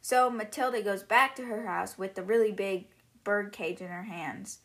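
A woman's voice: medium pitch, moderate pace, a bit bright. A woman hosting a podcast, casually summarizing a book in a chatty, filler-heavy retelling. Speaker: podcast host.

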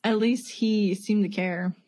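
A woman's voice: medium pitch, steady tone, slow, mellow. A woman in casual chat, teasing and dry.

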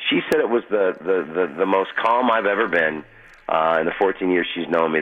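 A low-voiced man talks quickly and boastfully as a betting guest on a radio show. His voice comes through a thin, tinny phone line. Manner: boastful, fast storytelling. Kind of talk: casual radio interview. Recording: phone-line call-in audio.

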